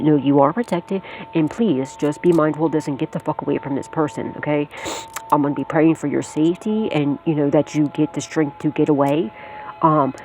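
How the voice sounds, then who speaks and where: A psychic tarot reader does a laid-back reading for her viewers in a deep, mellow voice. She's blunt, says the same things over and over, curses freely, and laughs a lot.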